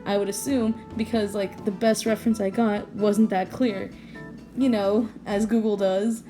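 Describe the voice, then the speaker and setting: A woman's voice: medium pitch, level tone, a little slow, warm tone, faint music behind. A young woman rambling casually at home about her own character drawing, restarting sentences and laughing often. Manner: rambling, self-interrupting, giggly. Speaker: artist vlogger. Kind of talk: casual late-night rambling.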